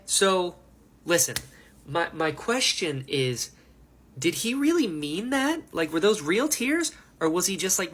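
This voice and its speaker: A young man hosting a casual book reaction, chatty and animated, acting out quotes as he recaps. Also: on the high side.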